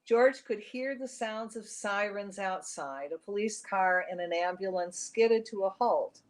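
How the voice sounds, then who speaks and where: Middle-aged host, heartfelt storyteller, mid-pitched woman. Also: measured pace. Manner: emotional, heartfelt. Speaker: show host. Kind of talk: storytelling narration.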